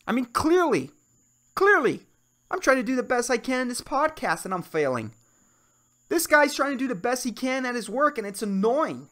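Animated, bright-voiced young man ranting. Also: very high voice, brisk. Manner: animated, swearing, swings from worked-up to mumbled asides. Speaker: podcast host. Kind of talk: solo comedy podcast rant. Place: Puerto Rico.

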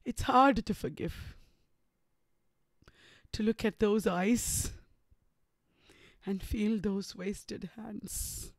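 A woman's voice: mid-range voice, very slow, pauses often, no room sound, studio quality. A woman with an Indian English accent reading the part of a tormented, grieving man in an impassioned dramatic reading. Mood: bitter.

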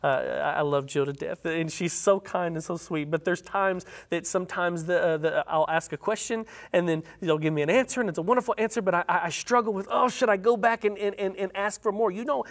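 With a medium-pitched voice, a panelist on a Sabbath School Bible study panel teaches earnestly but haltingly, restarting many times, and reads scripture aloud with rising emphasis.

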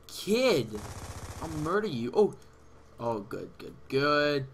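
Excitable young man yelling over gameplay. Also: on the high side, slow, slight background noise. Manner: excitable, swearing, sudden yells at other players. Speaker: gaming channel host. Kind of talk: casual live gameplay commentary.

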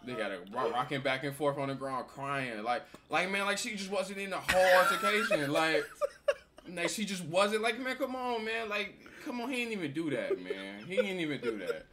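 A man's voice: a little high, moderate pace, noisy background. A young man casually commenting on a video with his brother, laughing often and acting out what people say. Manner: animated, laughing, acts out quotes. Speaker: co-host reacting to a video.

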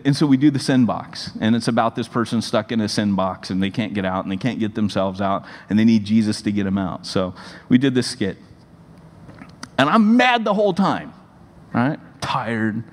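Animated man preaching in a reverberant hall. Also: fairly low pitch, moderate pace. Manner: animated, rambling storyteller with many fillers. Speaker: pastor. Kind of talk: sermon storytelling. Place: church hall.

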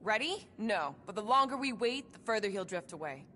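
A woman's voice: mid-range voice, sing-song, fairly quick, sharp tone, big-room sound, slight background noise. An actress voicing a wary, dry-witted female warrior in a video game, skeptical in tone.

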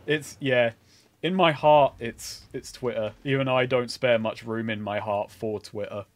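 A man's voice: medium pitch, steady tone, normal speed, no echo. A man hosting a casual stream chat, making dry, self-deprecating jokes. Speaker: streamer host.

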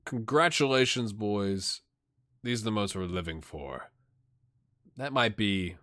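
A man talks over his own gameplay in a bright, forward voice. His pitch swings widely, climbing high when something happens on screen. He sounds a little tired but keeps up a running stream of joking asides. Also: moderate pace, pauses often. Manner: excitable, jokey play-by-play asides. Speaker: gaming YouTuber. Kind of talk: let's play commentary.

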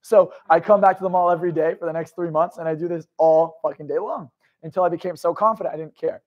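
A young man with a high-pitched voice tells motivational stories as a confidence coach. He drops into quiet, confiding narration, then breaks into loud, forceful outbursts, swearing casually as he drives his point home. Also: steady tone, quick pace, lo-fi sound. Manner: swings from low storytelling to loud emphatic outbursts, swears freely. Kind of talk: motivational storytelling monologue.

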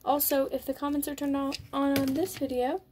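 High-voiced woman coaxing her pet rats. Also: little pitch movement, a little fast, dark tone, a little hiss or hum. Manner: coaxing, chatty, giggly. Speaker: pet vlogger. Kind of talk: casual vlog talking to pet rats. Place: indoors at a rat cage. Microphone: phone held up while filming.

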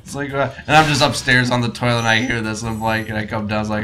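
A young man hosting a let's play, chatting casually, laughing loudly and swearing at the game. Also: mid-range voice, little pitch movement, rapid-fire, faint music behind. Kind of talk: casual crude banter while gaming.

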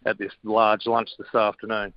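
A man's voice: fairly low pitch, monotone, moderate pace, dry recording. An Australian man chatting as a radio guest in a wry, dry tone. His voice comes through a muffled, dry remote line. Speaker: radio guest, breakfast host. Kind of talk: casual radio banter.

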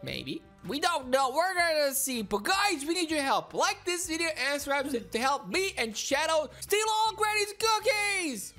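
A woman hosting excited gameplay commentary, squealing and swinging between panic and giggles. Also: high-pitched, normal speed, hardly any pauses, faint music behind. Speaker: gaming channel host.

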